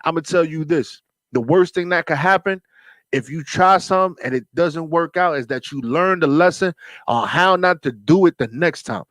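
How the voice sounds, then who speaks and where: A man's voice: fairly high pitch, normal speed, fairly bright tone, dry recording. A man hosting a casual radio talk show, laid-back and preachy, full of street slang.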